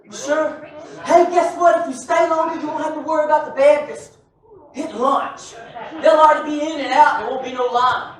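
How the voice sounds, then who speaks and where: A male preacher delivering a lively sermon, joking with and calling out to his congregation. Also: very high-pitched, normal speed. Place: church sanctuary. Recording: very echoey church hall, mic far off.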